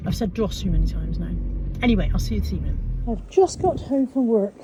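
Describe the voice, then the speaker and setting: A woman vlogger with a mid-range, expressive voice talks fast and casually to the camera, first in a car and then at home. Her vlog is chatty, rambling and self-deprecating. The recording sounds dull, with clear background noise.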